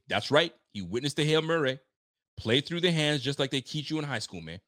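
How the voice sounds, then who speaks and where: A man's voice: on the high side, animated, brisk, sharp tone. A young man hosting a live sports stream, ranting with frustration and swearing freely, sometimes acting out players' voices. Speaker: livestream host. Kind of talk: animated live sports rant.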